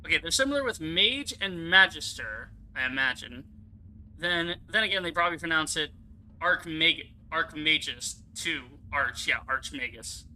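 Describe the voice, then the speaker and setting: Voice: medium pitch, animated, normal speed, bright, forceful tone, rough recording. A gaming streamer giving casual live commentary, rambling, swearing freely and laughing often.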